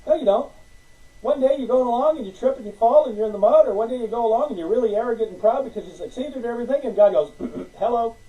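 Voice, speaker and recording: A man preaching a sermon in an animated way, acting out little conversations and laughing between points. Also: extremely high pitch, fast talker, recorded from a distance, muffled recording. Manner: animated, acts out conversations with God, laughs often.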